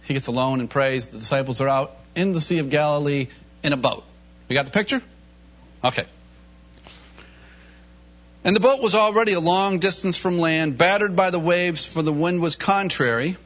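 A man preaching a sermon in an animated way, reading scripture and acting out the voices in it with laughter in between. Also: on the high side, normal speed, pauses often. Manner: animated, acts out Bible voices, laughs often. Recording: dull lo-fi recording.

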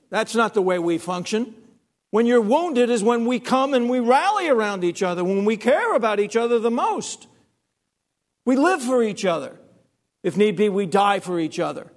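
A man's voice: sits high, animated, moderate pace. A man preaching a sermon, emphatic, repeating phrases and restarting sentences.

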